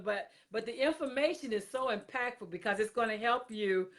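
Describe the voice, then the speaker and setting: On a casual live-stream talk show, the female host speaks fairly quickly into her computer mic. Her voice is on the high side with a fairly bright tone. She is chatty, laughs often, and grows exasperated over technical glitches.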